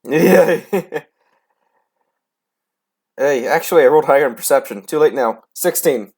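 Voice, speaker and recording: A man's voice: a little high, unhurried, darkish tone, breathy edge. Playful man at a tabletop game. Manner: playful, giggly chatter. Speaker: player. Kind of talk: casual tabletop play.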